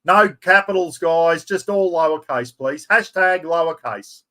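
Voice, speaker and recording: Excitable Australian man hosting a giveaway. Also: on the high side, measured pace. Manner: chatty, excitable, blokey slang. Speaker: livestream host. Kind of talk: casual live giveaway stream.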